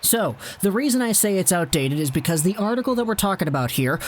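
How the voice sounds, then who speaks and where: Chatty hockey-news host, man, slightly high voice. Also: very animated, fast talker, slight background noise. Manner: enthusiastic, chatty, sarcastic asides. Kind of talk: casual video commentary.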